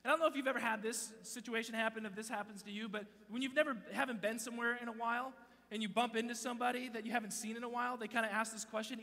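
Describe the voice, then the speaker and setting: Guy in his 30s doing a funny youth sermon, high bright voice, big echoey church hall. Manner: animated, joking, self-interrupting storyteller. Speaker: youth pastor. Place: large church auditorium stage. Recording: long hall reverb.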